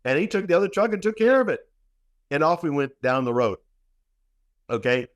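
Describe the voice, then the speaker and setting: A man's voice: a little high, expressive, fairly quick, no echo, studio quality. A man, a guest practitioner, telling a long story in a podcast interview, emphatic and repetitive with many restarts.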